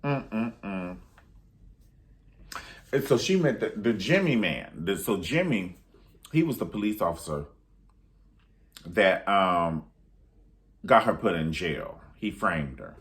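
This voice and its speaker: A man's voice: low-pitched, sing-song, unhurried, long pauses, fairly bright tone. A man recapping a film in a sassy, profane, theatrical way. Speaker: film reviewer. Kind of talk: casual movie recap.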